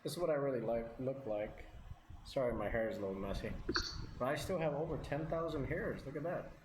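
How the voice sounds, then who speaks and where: A man's voice: medium pitch, fairly quick. A man vlogging as he eats, chatting casually in a rambling way and chuckling often. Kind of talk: casual chat while eating on camera. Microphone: camera mic. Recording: roomy with background noise.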